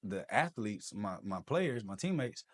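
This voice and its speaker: Speaking at a measured pace in a low-ish voice, a man shares his own story as a podcast guest. He's lively and animated throughout, acting out the dialogue of the people he describes.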